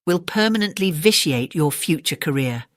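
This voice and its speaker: A woman's voice: sits low, lively intonation, normal speed, dry recording, studio quality. A woman voicing a pompous, long-winded male python snake in a storybook, speaking in a stiff, formal way.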